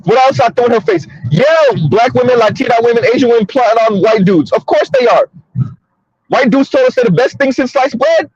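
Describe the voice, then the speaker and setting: A man's voice: extremely high pitch, animated, a little fast, darkish tone, husky, no echo, highs cut off. A man hosting a casual commentary monologue from his car, emphatic and repetitive, talking straight to listeners. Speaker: commentary host. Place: in a car on the road.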